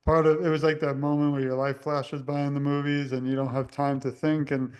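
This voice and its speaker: A young male host with a smooth, clear voice runs a casual interview. He keeps an even, level tone and rambles, often pausing on fillers. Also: a little high.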